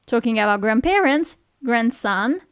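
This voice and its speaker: A young woman with an Italian accent teaching a beginner lesson, repeating each word slowly and checking in with "ok?". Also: a little high, lively intonation, smooth, dry recording, studio quality. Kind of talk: slow, clear language lesson.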